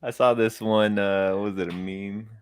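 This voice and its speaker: Podcast co-host, man with a fairly low voice, playful easygoing banter, dry close recording. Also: fairly even intonation, normal speed, clear, resonant tone, no room sound. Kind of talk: casual chat.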